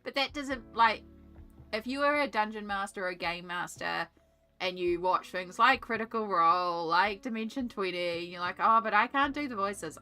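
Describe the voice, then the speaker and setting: Bright-voiced woman chatting while colouring. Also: medium pitch. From Australia. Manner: chatty, thinks aloud, rambling asides. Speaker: artist and streamer. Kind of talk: casual livestream chat while colouring. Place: home art desk.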